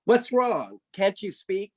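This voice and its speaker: A man voicing a hotheaded male rabbit trickster who shouts in loud, exasperated bursts. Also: sing-song, slow pace, full character voice. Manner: loud, exasperated, high-pitched outbursts.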